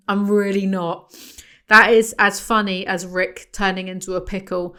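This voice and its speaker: Young woman, mid-pitched, dry and sarcastic, for a comic review channel. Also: unhurried, clear, resonant tone. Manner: sarcastic, deadpan asides. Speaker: book reviewer. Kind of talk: comedic book review commentary.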